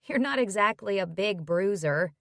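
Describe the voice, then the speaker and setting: A woman reading an audiobook, voicing a heartbroken young woman who is soft-spoken and wry. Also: mid-range voice, animated, normal speed, creaky, dry recording, studio quality. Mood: glum.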